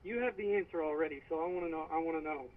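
A man's voice: fairly high pitch, racing. A man co-hosting a casual sports podcast, easygoing with dry, agreeing replies. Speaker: podcast co-host. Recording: tinny phone-like sound with faint noise.

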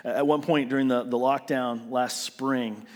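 A male pastor preaching a sermon, earnest and emotional, often restarting his sentences and moving between hushed and raised delivery. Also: medium pitch, fairly even intonation, measured pace, big-room sound. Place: living room during lockdown, then church setting.

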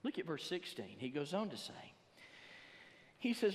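A man preaching a sermon in a church, reading scripture slowly and building to loud emphatic passages. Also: medium pitch, very animated, long reverb tail. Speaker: pastor. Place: church sanctuary.

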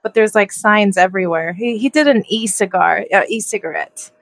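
A woman's voice: medium pitch, moderate pace, creaky, no echo, low-quality recording. A woman in casual chat, telling stories and laughing between them.

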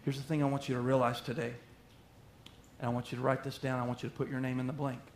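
Animated preacher man in an echoey room. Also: mid-range voice, fast talker, a little hiss or hum. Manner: animated, acts out little quoted voices. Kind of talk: sermon. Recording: roomy echo.

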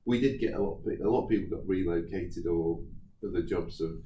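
A man's voice: low voice, a little fast, warm tone, a little hiss or hum. A man from the United Kingdom being interviewed as an entrepreneur guest, telling chatty anecdotes and laughing often. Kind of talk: podcast interview, storytelling. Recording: echoey room, slightly distant mic.

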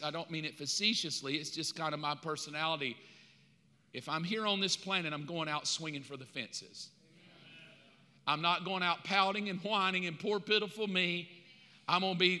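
A male pastor preaching a sermon with a high, very bright and cutting voice. He is impassioned, rising to loud preaching and dropping to quiet asides. His voice carries a long reverb from the sanctuary hall.

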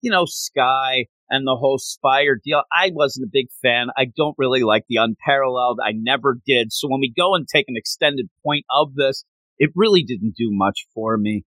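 Lively guy hosting a comics podcast, bright sharp voice, super dry close mic. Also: mid-range voice, moderate pace, dry recording. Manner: animated, acts out characters. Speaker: podcast host. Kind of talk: casual comic book review chat.

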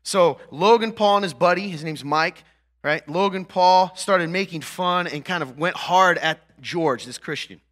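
Male pastor, sermon, high voice, bright tone, conversational, emphatic peaks. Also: unhurried. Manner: conversational, checks in with "right?" and "okay?"; builds to emphatic, louder peaks.

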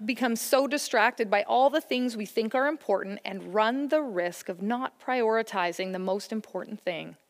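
Earnest woman preaching in a reverberant hall. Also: on the high side. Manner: earnest, encouraging, story-telling. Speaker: church speaker on family faith. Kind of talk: sermon talk.

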